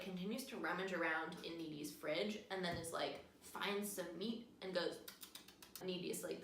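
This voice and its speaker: Young woman, tipsy podcast host, bright and animated. Echoey room, off-mic. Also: medium pitch. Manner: animated, jokey, acts out quotes. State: tipsy from wine. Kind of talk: casual film recap. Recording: echoey room, distant mic, faint noise.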